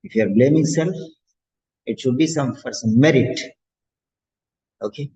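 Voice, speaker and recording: A man's voice: medium pitch, unhurried, dark tone. A male exam coach giving a motivational lecture, preachy and repeating phrases for emphasis. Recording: dull lo-fi lecture audio.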